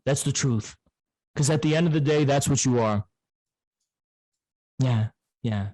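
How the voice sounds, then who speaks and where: A man's voice: mid-range voice, a little slow, a little mellow, rough recording. A man in a heated online debate, aggressive and profane, taunting his opponent over and over. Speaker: debater on a live stream.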